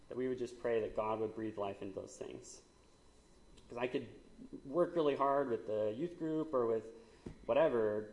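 A man's voice: medium pitch, a little mellow. Man preaching conversationally in an echoey room. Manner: conversational, with fillers and asides. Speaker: pastor. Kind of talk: sermon.

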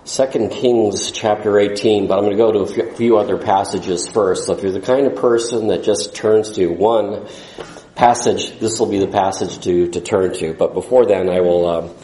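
A man's voice: fairly low pitch, normal speed, dark tone, reverberant, a little hiss or hum, rough recording. A man preaching a sermon in a folksy, rambling way, with jokes along the way.

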